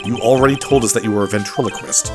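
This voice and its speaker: A man's voice: on the low side, quick pace, lightly acted. A man voicing a dry, exasperated young male defense attorney over game music. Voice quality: deadpan.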